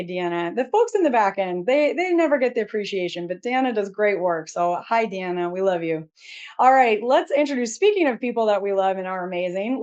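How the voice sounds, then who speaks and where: A woman's voice: medium pitch, a little mellow. A woman hosting a live webinar, upbeat and chatty, greeting audience members by name. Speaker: webinar host.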